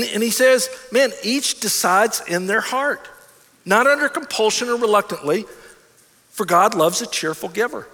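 A man's voice: very high-pitched, bright, forceful tone, big-room sound. A man preaching a sermon in a conversational way, often acting out the voices of imagined listeners. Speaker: pastor.

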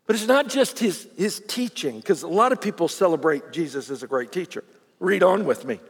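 Animated high-voiced preacher, husky. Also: male voice, moderate pace. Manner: animated preaching, acting out voices of crowds and scribes. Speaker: pastor. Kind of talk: sermon. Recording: long reverb of a large hall.

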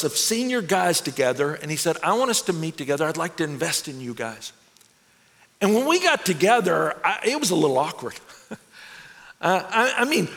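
A man performing a theatrical stage monologue, expressive and animated, with nervous, self-mocking laughs. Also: high-pitched. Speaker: stage storyteller. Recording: long hall reverb.

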